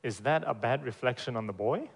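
A man preaching a sermon in a church, emphatic, asking the congregation rhetorical questions and often checking in with "right?". His loudness swings between strong emphasis and quieter phrases. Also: medium pitch, brisk, creaky, breathy edge. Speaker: pastor.

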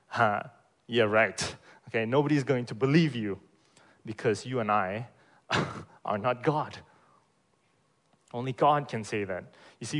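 Speaking at a medium pitch, a pastor gives an emphatic sermon in church, asking the congregation rhetorical questions and regularly checking in with "right?" His volume rises for emphasis and drops for quieter phrases.

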